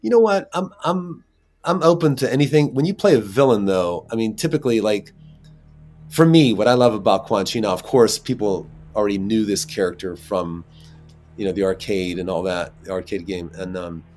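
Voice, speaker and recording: A man, an actor, chatting as an interview guest and telling lively stories with frequent laughs. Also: on the low side, moderate pace, soft background music. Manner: animated storyteller, laughs often. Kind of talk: casual interview chat.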